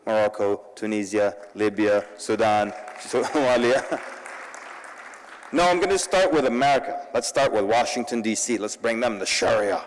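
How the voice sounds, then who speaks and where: Man preaching in a reverberant hall. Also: mid-range voice. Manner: lively storytelling with humorous asides; addresses the audience directly and urgently. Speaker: convention speaker. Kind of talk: sermon-style public talk. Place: large convention hall. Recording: long reverb in a large hall.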